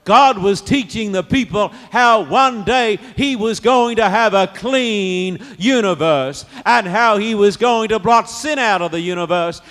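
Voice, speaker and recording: A man preaching a sermon, swinging from loud declarations to hushed, intimate asides. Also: high voice. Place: church or meeting hall. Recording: long hall reverb.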